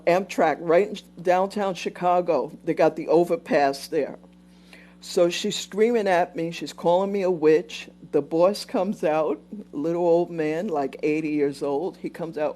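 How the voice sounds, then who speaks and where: A woman's voice: fairly low pitch, dark tone. A woman telling a story on a live stream, wandering off to greet viewers and then picking the thread back up. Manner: meandering, breaks off to greet viewers. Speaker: livestream host retelling visions.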